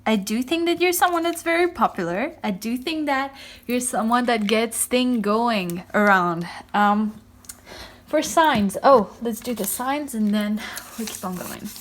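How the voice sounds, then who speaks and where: A woman's voice: a little high, animated, measured pace. A woman giving a casual pick-a-card tarot reading, chatty and a little awkward on camera, who keeps repeating "I do think" with many fillers. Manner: first time on camera, a bit awkward.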